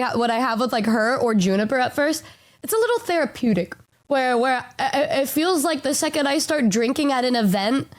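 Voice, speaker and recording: A woman with a high voice telling a story casually on stream. She rambles, repeats herself and stammers as she goes.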